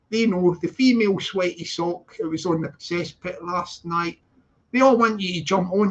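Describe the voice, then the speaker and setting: A man chatting casually on a live stream from his flat, repeating phrases and laughing a lot as he greets viewers. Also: high voice. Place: flat with balcony door open.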